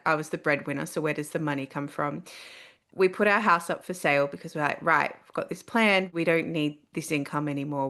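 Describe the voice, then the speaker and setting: Aussie woman, middle-aged, low voice, earnest podcast guest telling her story. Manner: earnest, animated when quoting herself. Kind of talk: candid storytelling.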